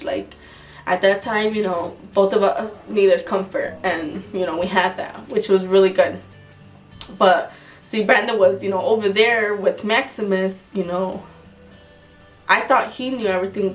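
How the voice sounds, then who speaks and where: A young woman talks straight to her viewers about a hard personal experience, loose and candid, leaning on fillers and the occasional curse. She sits a little back from the mic, and soft music plays faintly underneath. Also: medium pitch, recorded from a distance. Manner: casual, filler-heavy, frank with swearing. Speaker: vlogger. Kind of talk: emotional personal storytelling.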